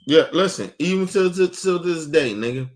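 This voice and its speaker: Animated, cussing man on a podcast. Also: on the high side, moderate pace. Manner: profane, animated storytelling with acted-out quotes. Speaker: podcast host. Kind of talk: casual chat. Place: home studio, streaming.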